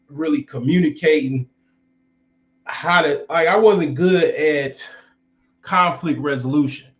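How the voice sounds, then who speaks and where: A man in his forties telling stories casually in a loose, rambling and profane way. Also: fairly high pitch. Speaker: vlogger. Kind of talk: casual storytelling. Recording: roomy, slightly dull recording.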